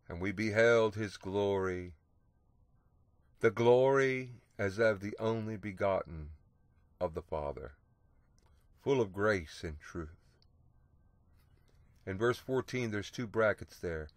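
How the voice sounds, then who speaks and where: A man's voice: lowish voice, expressive, no echo, studio quality. A man teaching the Bible on the radio, reading scripture aloud with emphasis and breaking in with hallelujahs and rhetorical "see?". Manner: exclaims hallelujah, asks "see?"; reads old scripture wording slowly and emphatically.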